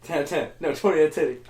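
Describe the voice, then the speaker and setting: A young man co-hosting a podcast who jumps in with quick, excitable remarks. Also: on the high side. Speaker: podcast co-host. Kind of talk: casual chat.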